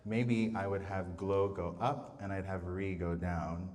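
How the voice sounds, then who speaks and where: Deep, steady, and unhurried, a man's darkish voice walks through his process for setting words to music in a live talk at a public venue. The composer muses aloud with fillers and restarts, recorded from a distance in a reverberant space.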